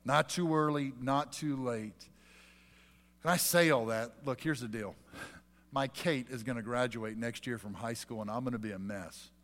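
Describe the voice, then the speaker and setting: A man's voice: medium pitch, normal speed, fairly bright tone. A man in his forties, a pastor preaching a sermon in a church sanctuary, earnest and fond of rhetorical questions. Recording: long hall reverb.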